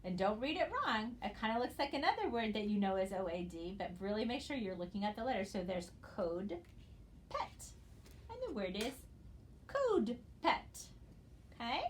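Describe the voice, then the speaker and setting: A woman teaches a recorded phonics lesson in a mid-range voice. She talks slowly and patiently, spelling out letters one by one. A faint hiss sits under the recording. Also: mid-range voice, lively intonation.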